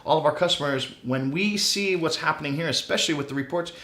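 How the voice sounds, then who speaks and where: A man's voice: fairly high pitch, fast, sharp tone, roomy sound. A man hosting a finance web show, upbeat and salesy, talking straight to viewers. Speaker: show host.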